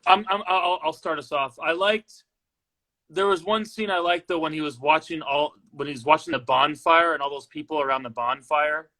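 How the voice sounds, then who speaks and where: Easygoing man with a bright voice. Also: fairly high pitch, moderate pace, rough recording. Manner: easygoing, short agreeing replies. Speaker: co-host of a horror movie discussion. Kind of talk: casual chat.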